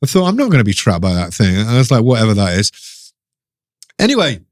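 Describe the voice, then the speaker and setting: A middle-aged man telling a ghost story in an interview, animated, laughing often and restarting his sentences. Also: fairly low pitch, fast talker. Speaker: guest storyteller.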